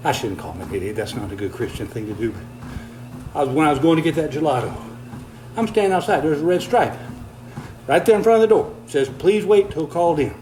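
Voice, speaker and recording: A man's voice: medium pitch, expressive, fast talker, darkish tone, slight background noise, rough recording. An older man, chatting casually on a livestream, reading viewer comments while walking on a treadmill, folksy and easygoing, slightly out of breath. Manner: folksy, easygoing, chuckles often.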